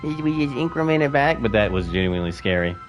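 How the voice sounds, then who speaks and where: A man's voice: mid-range voice, lively intonation, quick pace, faint music behind. A young man streaming a space game, rambling and swearing casually, bursting into yelps and laughs. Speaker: gaming streamer. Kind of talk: casual gameplay commentary.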